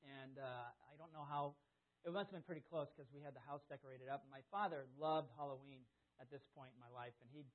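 A man preaching a sermon in a conversational, animated storytelling way, to a congregation he questions directly. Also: medium pitch, fairly quick. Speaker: pastor. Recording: tinny phone-like lo-fi sound.

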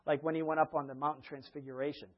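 A man delivers a sermon in a slightly higher register, his voice husky and a touch breathy. He tells the stories with animation, laughing often and acting out the quotes, and the recording sounds dull and lo-fi. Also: level tone, fast talker. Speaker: preacher. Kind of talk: sermon retelling Bible stories.

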